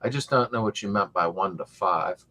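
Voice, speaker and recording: A middle-aged man hosts a casual live-stream chat for a car restoration channel, his somewhat low voice pushed and bright at a normal speed. He rambles and jokes while reading viewer comments aloud.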